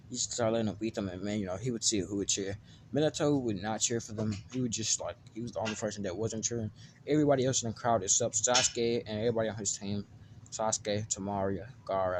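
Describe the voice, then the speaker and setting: A man's voice: fairly low pitch, background noise. A man casually narrating an imagined fan story, rambling with many fillers and restarts.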